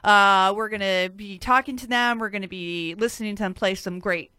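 A woman's voice: medium pitch, fairly even intonation, normal speed, bright, forceful tone, clean tone, no room sound. A woman hosting a comedy music radio show, chatting casually with crude jokes and many filler words. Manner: playful, crude joking with frequent fillers.

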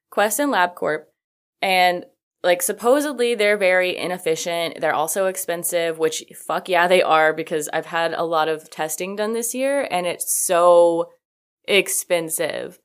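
A woman's voice: lowish voice, fairly bright tone. A woman hosting a video, telling a story in a casual, chatty way with lots of "like" fillers, loose swearing and self-correcting asides. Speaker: video host.

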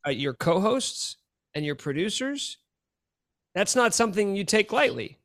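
A man's voice: sits high, sing-song, a little slow, fairly bright tone, dry recording, clean studio sound. A man co-hosting a podcast, teasing his friend in a mock-dramatic, joking way. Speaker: podcast co-host. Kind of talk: casual banter.

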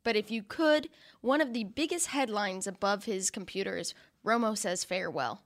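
A woman's voice: mid-range voice, expressive, normal speed. A woman hosting a casual sports talk show from a studio, upbeat and teasing with her co-hosts. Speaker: show host.

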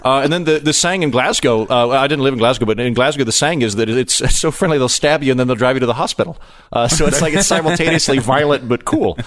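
A man telling stories on a talk radio show, halting and full of restarts. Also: mid-range voice. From United States. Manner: quick, halting, lots of restarts and fillers. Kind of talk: storytelling in talk radio banter.

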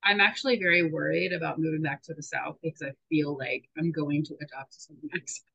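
A woman's voice: low-pitched, quick pace, creaky, pushed and bright, breathy edge, dry recording, dull audio. A woman co-hosting a casual pop-culture podcast, chatty and playful, laughing easily. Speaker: podcast co-host. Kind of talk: casual chat.

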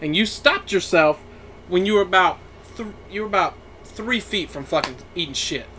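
Bright high-voiced teasing man. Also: animated, normal speed, slight background noise. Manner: teasing, laughing, crude. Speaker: podcast co-host, sailor. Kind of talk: casual chat, storytelling.

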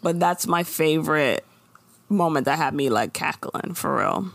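A woman recaps a show in casual chat, her pitch sitting a bit low but swinging widely as she acts out lines. The sound is dry and close. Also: measured pace, vocal fry, dry recording. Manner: animated storytelling, acting out characters' lines with laughs. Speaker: podcast co-host recapping a TV episode.

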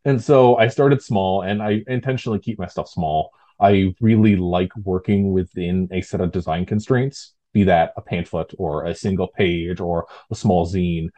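A man's voice: deep voice, moderate pace, hardly any pauses, dark tone. A man talking casually as an interview guest, rambling with fillers and restarts. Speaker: guest, tabletop game designer.

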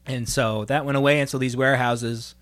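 A man's voice: mid-range voice, steady tone, brisk, a bit bright, close to an everyday voice. A man playing a smarmy, awkward male gallery curator in an improvised comedy, rambling and flustered. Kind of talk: improvised comedy role-play.

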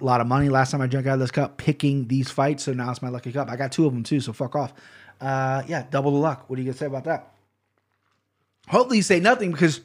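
A man from Ohio hosting a betting podcast, talking casually, rambling, swearing and often correcting himself. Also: on the high side. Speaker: podcast host picking fight bets.

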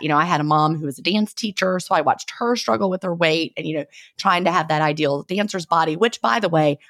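Southern woman, 50s, low and animated, dry close sound, self-deprecating and quick to laugh. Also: creaky, no room sound. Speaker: guest author. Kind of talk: casual interview chat.

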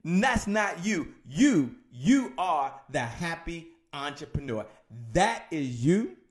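A man hosting a live motivational sales talk who greets listeners by name. He talks with high energy, repeats key lines, and swings between loud emphasis and low, hushed delivery. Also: very animated, takes it slowly. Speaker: podcast host and business coach.

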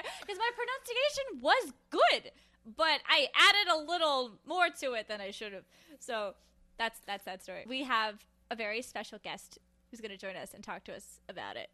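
Female podcast co-host, high, bright, excitable and giggly. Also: moderate pace, no echo. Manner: giggly, enthusiastic, storytelling. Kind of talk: casual podcast chat. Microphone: video call.

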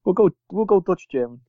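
A man's voice: a little high, no echo. A man co-hosting a casual football podcast, rambling with fillers and restarts. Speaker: podcast co-host. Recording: dull lo-fi sound.

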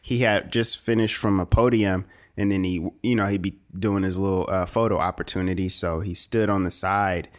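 A man's voice: low voice, steady tone, moderate pace, hardly any pauses. A man co-hosting a casual podcast, talking in a loose, rambling way with lots of fillers. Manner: laid-back, rambling, frequent laughs and fillers. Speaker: podcast co-host. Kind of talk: casual chat.

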